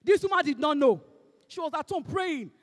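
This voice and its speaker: A woman with a Nigerian accent preaching a sermon, emphatic and fervent, swinging between shouted exhortation and hushed asides, slipping into Pidgin phrases. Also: high-pitched, lively intonation, normal speed, in a large hall.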